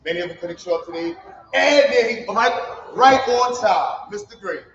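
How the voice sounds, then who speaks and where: A man's voice: high-pitched, expressive, moderate pace, a bit bright, a little hiss or hum. A man giving an informal, heartfelt ceremony speech in loose, emphatic street talk. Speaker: founder giving a commencement speech. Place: event hall. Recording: roomy, slightly dull livestream audio with faint ambience.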